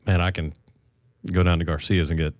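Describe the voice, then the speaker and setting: A middle-aged man, a podcast co-host, telling relaxed, folksy stories in casual chat. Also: deep voice, a little fast, no echo, studio quality. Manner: relaxed storyteller, folksy and self-deprecating.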